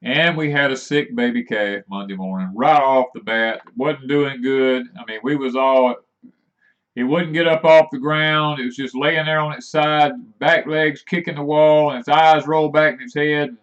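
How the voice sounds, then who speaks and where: A middle-aged man chats on a homestead live stream. He tells farm stories in an easygoing, folksy drawl, his voice sitting a little high. The stream audio is dull and lo-fi. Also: fairly even intonation, normal speed, fairly bright tone. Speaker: homesteading channel co-host. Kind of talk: casual live-stream chat.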